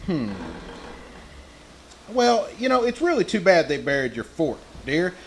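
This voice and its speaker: A man playing a mild, patient father in a live old-time radio drama, soothing and gently dismissive. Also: high-pitched, sing-song, unhurried. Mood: easygoing.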